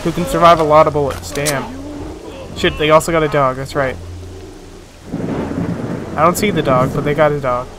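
A man talking over his gameplay in a loose, joking way, with frequent swearing and quick reactions. His voice sits a bit higher than most men's. Steady rain and rolling thunder from the game run clearly behind him. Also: noisy background. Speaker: let's play gamer. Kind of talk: casual gameplay commentary.

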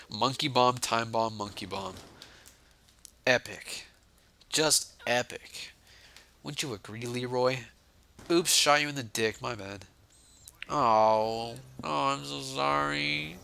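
A young man giving casual, joking commentary while playing a zombie video game, sarcastic and swinging between mumbled asides and sudden yells. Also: medium pitch, takes it slowly, pauses often. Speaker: gaming channel host.

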